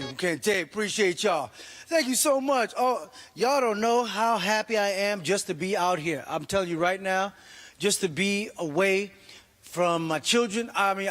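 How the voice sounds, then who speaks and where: A middle-aged man from New York doing a stand-up comedy set, animated and acting out his family in voices. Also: high-pitched, in a large hall.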